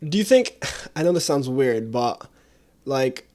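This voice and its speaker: A man's voice: mid-range voice, very animated, slow, a little mellow. A young man hosting a podcast, speaking candidly and casually with some slang. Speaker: podcast host. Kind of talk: casual conversation.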